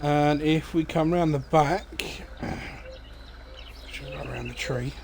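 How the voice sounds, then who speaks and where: A man talks through his farm game in a relaxed, meandering way, leaning on ums and uhs as he goes. His voice sits a touch higher than most men's. Faint birdsong and outdoor ambience drift underneath. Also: slow, background noise. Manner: relaxed, rambling, many fillers. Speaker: gaming streamer. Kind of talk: casual let's-play commentary.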